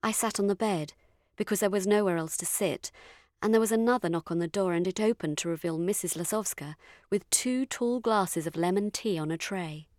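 A woman narrating a story in the first person, measured and dryly witty. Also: medium pitch, a little mellow, dry recording, studio quality.

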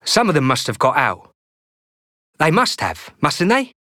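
A man's voice: fairly high pitch, huge pitch swings, measured pace, bright, forceful tone, no echo, clean studio sound, heavily acted. A man voicing a plump, anxious schoolboy in spectacles who asks worried, eager questions.

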